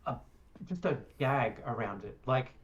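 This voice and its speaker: A man's voice: mid-range voice, lively intonation, a little slow, highs cut off. A young Australian man co-hosting a casual film review show, rambling and laughing at his own jokes. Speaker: podcast co-host.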